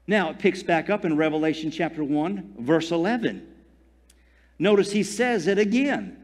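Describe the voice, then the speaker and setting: Pastor, male, high voice, fervent sermon in a church with long reverb. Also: lively intonation, normal speed, a little mellow, husky. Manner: fervent preaching, dwells on phrases and calls for amen.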